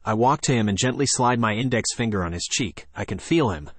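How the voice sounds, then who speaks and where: A man reading a first-person horror story in a plain, even narration. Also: mid-range voice, brisk, dry recording.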